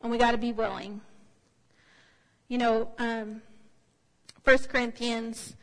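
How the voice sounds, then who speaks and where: A woman's voice: fairly high pitch, level tone, takes it slowly. A woman giving a sermon in a conversational, anecdotal way, with frequent fillers. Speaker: speaker. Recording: long hall reverb.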